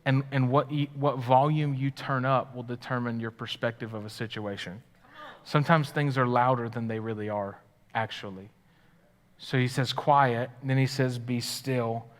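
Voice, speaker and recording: A man preaching a live sermon as pastor. His delivery swings from loud, excited stretches down to hushed, quiet ones. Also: medium pitch, moderate pace. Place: church sanctuary. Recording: live church hall with long reverb.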